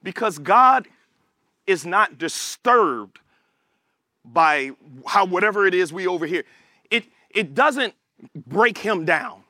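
A man preaching a sermon with an animated, call-and-response delivery, acting out prayers in quoted voices as he goes. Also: high-pitched, slow pace, long pauses, dry recording, studio quality.

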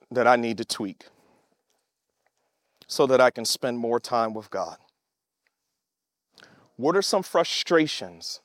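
A man preaching a sermon, emphatic, calling out to the congregation and shouting at the peaks. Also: medium pitch, dry recording, clean studio sound. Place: church service with online audience.

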